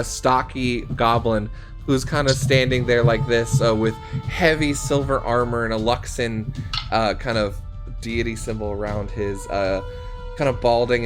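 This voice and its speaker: A man's voice: medium pitch, fairly bright tone. A young man running a tabletop game as game master, narrating casually with many fillers.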